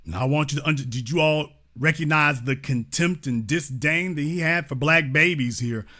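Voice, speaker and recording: A man's voice: fairly high pitch, moderate pace, pushed and bright. A young man hosting a live call-in show, combative and slangy, hammering the same phrases over and over. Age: young adult. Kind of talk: heated commentary and call-in.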